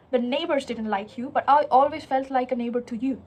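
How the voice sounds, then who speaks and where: High-voiced woman explaining a poem. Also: brisk, darkish tone. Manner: earnest, searching, restarts mid-phrase. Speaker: literature teacher. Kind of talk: conversational poetry lecture.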